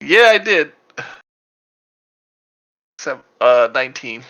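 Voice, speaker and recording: A man's voice: medium pitch, big pitch swings, slow, pushed and bright, dull audio. A man playing a tabletop game, chatting casually, rambling and laughing as he jokes with the group. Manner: rambling, joking, laughs often. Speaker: player.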